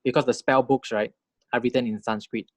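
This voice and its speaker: A man's voice: mid-range voice, steady tone, dry recording. Guy lecturing on pronunciation, patient, checks in a lot, dry close sound. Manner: patient, repeats key points with "right?" checks; models sounds slowly and clearly. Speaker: language teacher. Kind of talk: classroom lecture with slides.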